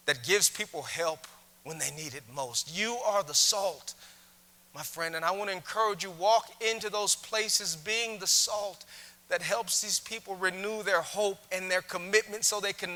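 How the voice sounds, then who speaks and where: A man's voice: high-pitched, pushed and bright. A man giving an inspirational keynote speech in a conference hall, with an impassioned, preacher-like cadence full of repetition. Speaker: keynote speaker.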